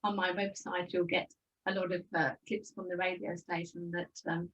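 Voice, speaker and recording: Chatty older Birmingham woman, low-voiced. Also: moderate pace, far from the mic, rough recording. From Birmingham, England. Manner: chatty, lively, repeats words as she goes. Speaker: guest. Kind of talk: casual storytelling interview.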